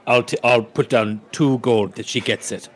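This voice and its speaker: A man's voice: medium pitch, steady tone, moderate pace. A man playing a tabletop role-playing game, good-humored and stumbling over his words. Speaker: player. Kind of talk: casual tabletop role-play.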